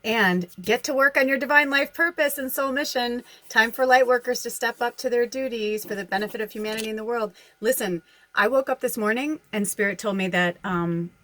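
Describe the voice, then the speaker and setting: A woman's voice: medium pitch, a bit bright, dry recording. A woman medium talking casually to her followers, rambling and chatty, often breaking into laughter. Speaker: spiritual medium and channel host.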